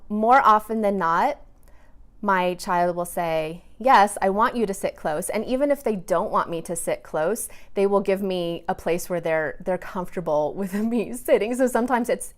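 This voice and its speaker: Gentle earnest woman giving parenting advice. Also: fairly low pitch. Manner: gentle, earnest, with small restarts. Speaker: parenting coach. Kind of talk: casual advice talk to camera.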